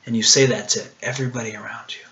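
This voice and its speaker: A man's voice: mid-range voice, fairly even intonation, fast, a bit bright. A man giving a casual devotional talk, earnest and searching, with many ums and restarts, dropping almost to a whisper on intimate words.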